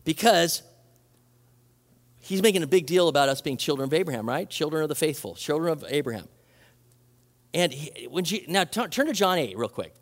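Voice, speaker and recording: A man preaching a sermon as a pastor, animated and conversational, acting out quoted voices and restarting his phrases. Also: fairly high pitch, fairly quick, long pauses, in a large hall.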